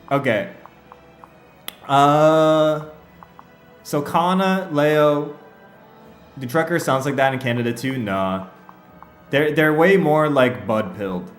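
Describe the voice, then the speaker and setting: A man's voice: fairly high pitch, drawn-out words, long pauses. A man streaming a game, chatting casually with his viewers, laughing often and talking straight to them. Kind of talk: casual livestream chat and game commentary. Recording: echoey room with faint music.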